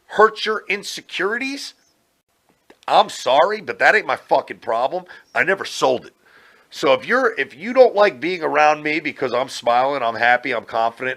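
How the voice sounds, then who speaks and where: A man, a former pro wrestler, telling brash, profane stories as a podcast guest. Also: mid-range voice. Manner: brash, profane, animated storytelling. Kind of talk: casual interview chat.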